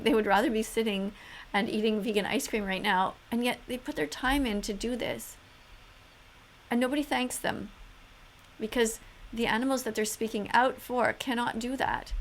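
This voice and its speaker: An earnest woman talking through reaction commentary, with her emotion sitting close to tears. Her voice has a pronounced gravelly fry. A faint hum sits behind her close-miked recording. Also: fairly high pitch. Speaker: vegan activist vlogger.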